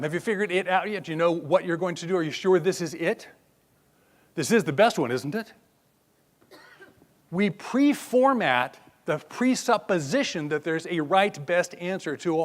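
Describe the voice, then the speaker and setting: Older male keynote speaker, high-pitched, chatty and wry, live on a stage mic. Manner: animated, joking, conversational. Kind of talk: conference keynote. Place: conference hall stage.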